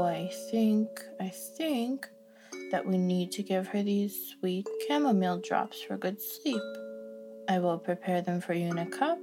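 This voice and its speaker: A woman voicing a wise, calm male dolphin who gives gentle, slow advice. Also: medium pitch. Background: loud glockenspiel and marimba music.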